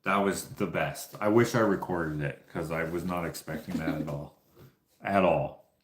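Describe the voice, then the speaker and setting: Male streamer, lowish voice, rambling casual talk, echoey room sound. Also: moderate pace, a little hiss or hum. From Canada. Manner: rambling storyteller, many fillers and restarts. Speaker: livestream host. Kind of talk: casual livestream chat. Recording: roomy echo.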